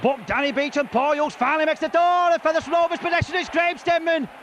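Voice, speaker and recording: A hoarse man calls a rugby league match from an outdoor ground, voice pushed very high with excitement. He rattles off player names in a partisan rush. Clear background noise runs under the broadcast. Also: fast, lo-fi sound. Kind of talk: live match commentary.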